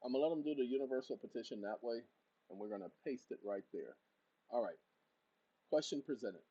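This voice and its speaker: A channel host does a casual screen-share walkthrough of a document, firing off loud commands at a voice assistant in bursts and then dropping to quiet, low asides to explain things to viewers. The sound is slightly rough and lo-fi.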